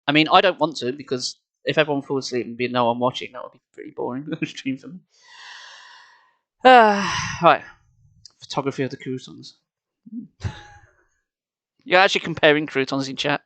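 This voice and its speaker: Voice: medium pitch, fairly bright tone, no room sound. A streamer chatting casually and swearing freely with viewers between chapters of a live reading, on a headset. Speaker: streamer reading a book aloud.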